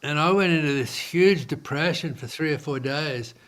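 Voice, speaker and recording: At normal speed and in a voice a little on the high side, an entrepreneur shares his business story in a casual interview. He uses lots of fillers and brings quoted dialogue to life by acting it out.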